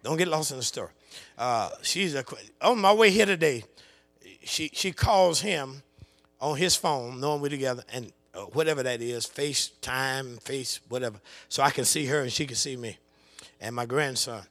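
Preaching a sermon, an older man tells a family story and calls out to the congregation at a normal speed. His voice swings between low murmurs and impassioned shouting.

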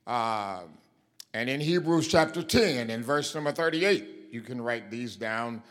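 A man preaching a sermon as a Bible lesson, talking deliberately with many fillers and leaning hard on stressed words. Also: medium pitch, lively intonation, fairly bright tone.

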